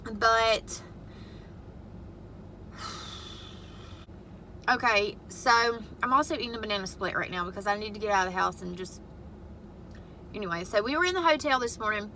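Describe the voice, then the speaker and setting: A woman's voice: mid-range voice, moderate pace, long pauses, bright, forceful tone, a little hiss or hum, low-quality recording. A woman venting to camera from her car, blunt and profane as she retells a family fight. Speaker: vlogger and mother. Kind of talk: venting casual vlog to camera. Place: inside her parked car.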